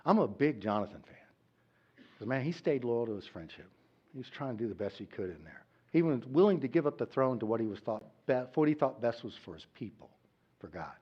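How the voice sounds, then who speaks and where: A male pastor giving a sermon in an animated, conversational way, often checking in with the congregation. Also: mid-range voice, fairly quick, breathy edge. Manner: conversational, animated, with frequent "okay?" asides. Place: church. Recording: dull lo-fi recording.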